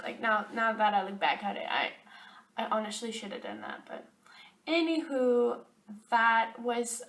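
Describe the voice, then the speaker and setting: A woman's voice: on the high side, a bit bright, a little hiss or hum. A young woman chatting to camera, ranting about her job with lots of fillers, recorded a little far from the mic. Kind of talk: casual chat to camera.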